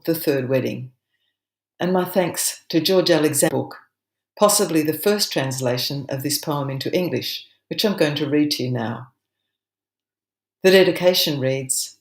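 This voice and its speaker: An older woman giving a seminar talk with slides, then reading a poem aloud in a measured, expressive way with deliberate pauses. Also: deep voice. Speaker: seminar presenter. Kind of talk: illustrated lecture with a dramatic poem reading. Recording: echoey room sound.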